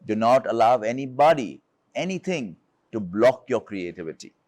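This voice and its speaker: A man's voice: medium pitch, very animated, moderate pace, a little mellow, dry recording. A man from India, giving an earnest motivational talk as a leadership speaker, telling a personal story and asking rhetorical questions.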